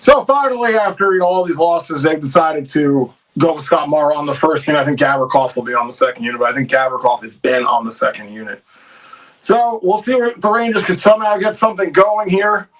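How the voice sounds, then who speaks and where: A man's voice: on the high side, fairly quick, a bit bright, recorded from a distance, low-quality recording. Frustrated man ranting about his team. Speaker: livestream co-host. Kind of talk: casual hockey chat.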